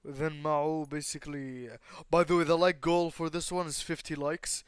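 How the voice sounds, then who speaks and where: A man's voice: fairly high pitch, little pitch movement, normal speed, clear, resonant tone, no room sound, studio quality. Rambling young man telling a fan story. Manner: rambling, many fillers and restarts, swears casually. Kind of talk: improvised fan story narration.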